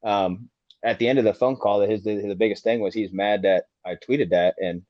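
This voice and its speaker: A man's voice: lowish voice, fairly even intonation, moderate pace, dry recording. A man, a race car driver who is a podcast guest, telling a story casually with lots of swearing, and acting out heated quotes. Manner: profane, rambling, acts out heated quotes. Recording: dull dry lo-fi sound.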